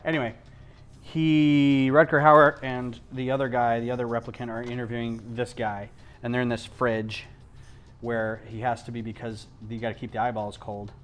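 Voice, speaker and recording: A man hosting a casual livestream from home, rambling onto tangents, losing his thread and filling pauses with ums. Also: medium pitch, level tone. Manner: frequent ums and restarts. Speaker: livestream host. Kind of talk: casual chat while building.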